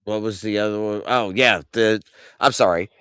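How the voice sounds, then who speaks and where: This wrestling recap podcast features a host in his thirties whose clear, resonant voice comes through at normal speed with no room sound. He rants animatedly with profane exasperation, climbing loud and high when outraged.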